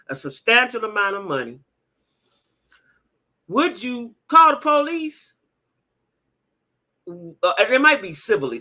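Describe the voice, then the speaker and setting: Chatty gossip-host woman, lively and bright. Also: mid-range voice. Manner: chatty, talks straight to viewers and reads chat names aloud; laughs often, repeats lines for emphasis. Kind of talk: casual gossip livestream.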